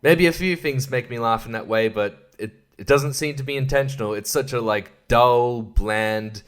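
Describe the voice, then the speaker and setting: A man's voice: medium pitch, normal speed, fairly bright tone, clean tone. A man hosting a podcast, reviewing a film in a sarcastic, rambling way, with lots of swearing and laughter at his own jokes. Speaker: podcast host.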